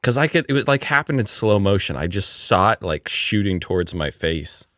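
Guy with a real low voice chatting on a podcast, dry close sound. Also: sing-song, a little fast, fairly bright tone, no echo. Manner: storytelling, laid-back. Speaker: podcast co-host. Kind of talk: casual chat.

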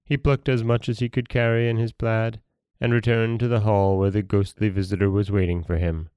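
A man hosting a podcast and reading a folktale in a calm, measured storytelling manner. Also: fairly low pitch, clean tone, no room sound.

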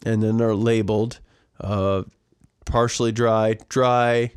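A mid-pitched podcast co-host telling rambling, jokey stories in casual chat, slipping into quick impressions of other people. The recording is dry and close. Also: level tone, a little mellow, clear, resonant tone, no room sound. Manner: jokey storyteller, mimics others.

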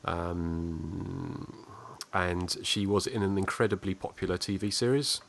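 Hesitant quiz host, lowish voice. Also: male voice, little pitch movement, slow pace, vocal fry. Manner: hesitant, many ums and restarts. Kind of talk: casual podcast chat.

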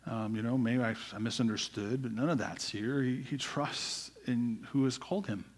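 A man preaching a sermon, asking his listeners questions and often adding "right?", sometimes dropping to a quiet voice for emphasis. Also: normal speed. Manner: asks the congregation questions, frequent "right?" and repeated words; drops to a quiet, low voice for emphasis.

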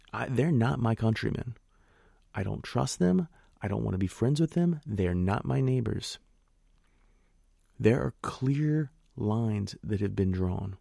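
A man hosts a political podcast in a low, gravelly, dark voice. He speaks with emphatic indignation and drops in sarcastic asides. The sound is dry and close. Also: no echo. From northern United States. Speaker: podcast host.

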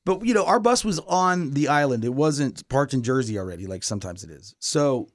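A man's voice: medium pitch, lively intonation, brisk, dry recording, studio quality. A middle-aged man, a touring musician, telling a long story in casual chat, rambling with lots of fillers and restarts.

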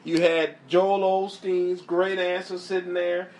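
High-voiced, slow preaching man. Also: level tone, darkish tone. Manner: emphatic and repetitive, keeps urging listeners to watch. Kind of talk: sermon.

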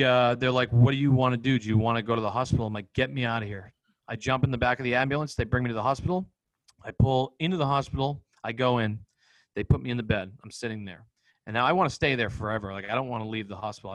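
A man from Boston, a podcast guest, telling a personal story in a blunt, profane, animated way and acting out what people said. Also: fairly low pitch, no room sound. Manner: blunt, profane, animated retelling with acted-out quotes.

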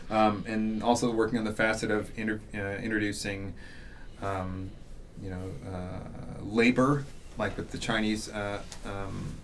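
A man's voice: lowish voice, a little hiss or hum. A man in casual podcast conversation, telling stories animatedly, acting out quotes and using many fillers. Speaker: podcast guest, audio drama author.

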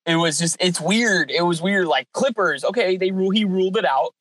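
Animated man telling a sports story. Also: sits high, fairly quick, no echo, rough recording. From California. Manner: animated storyteller, acts out dialogue. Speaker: podcast co-host. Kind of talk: casual sports podcast chat.

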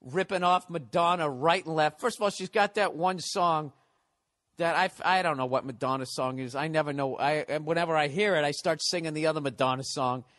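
A man's voice: a little high, a little fast, a bit bright, dry recording, clean studio sound. Profane ranting middle-aged man. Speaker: podcast host. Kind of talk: rambling comedic monologue.

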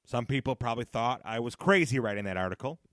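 A man's voice: medium pitch, animated, fast talker, a bit bright, dry recording, clean studio sound. A man hosting a casual solo podcast, chatty and rambling, often laughing at his own jokes and repeating phrases for emphasis. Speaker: podcast host.

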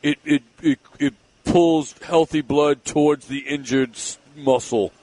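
A man hosting a sports talk radio show, chatting in an excitable, rambling way. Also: a little high. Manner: excitable, rambling, quick asides.

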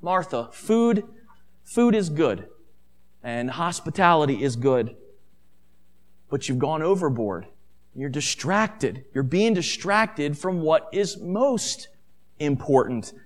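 A man's voice: on the high side, very animated, takes it slowly, long pauses, long reverb tail, pitched below the performer's own voice. A man voicing a male teacher who speaks tenderly yet directly, quoted within a sermon.

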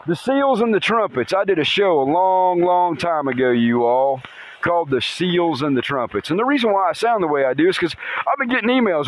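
A man hosting a podcast outdoors in a rainstorm by a river, talking in an excitable, rambling way and swearing casually. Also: on the high side, normal speed, rough recording. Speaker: podcast host. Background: faint rain and river ambience.

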